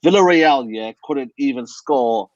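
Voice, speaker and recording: A man ranting about football in a hushed voice from a hotel room, emphatic and repeating yeah and man. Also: mid-range voice, lively intonation, measured pace, dry recording, highs cut off. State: talking quietly, near a whisper. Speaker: football fan pundit. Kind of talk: heated football rant. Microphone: video call.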